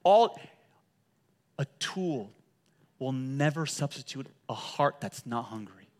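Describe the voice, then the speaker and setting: A man preaching a sermon to a church congregation as pastor, energetic and humorous, often repeating words and calling for responses. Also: mid-range voice, takes it slowly.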